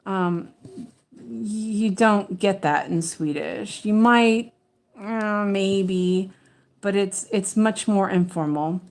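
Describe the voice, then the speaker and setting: Woman stitching and chatting at home, slow unhurried delivery, rambling with fillers and restarts. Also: mid-range voice, creaky, a little mellow. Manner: mutters to herself while checking her work. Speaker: cross-stitch vlogger. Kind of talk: casual chat while stitching.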